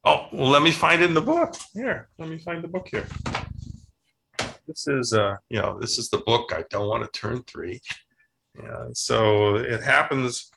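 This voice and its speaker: Older man, gravelly voice, bright tense tone, rambling storyteller, children's author. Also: medium pitch, lively intonation, a little slow. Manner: rambling, many restarts and fillers. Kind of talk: casual interview storytelling.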